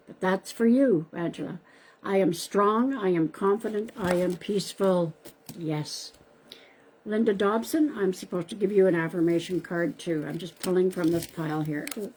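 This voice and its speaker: Doing card readings for her live-stream audience, a Canadian woman psychic medium chats away and names viewers directly. Her husky, darkish voice sits on the low side at a moderate pace, and the live-stream device mic makes for rough audio.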